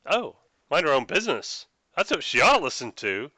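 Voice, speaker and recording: A man voicing a suspicious, tipsy old rural farm woman who rambles in a folksy, gruff way about meddlers. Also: fairly high pitch, big pitch swings, a little fast, sharp tone, no echo, voice pushed up, exaggerated voice. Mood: grim. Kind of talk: tabletop role-play voice.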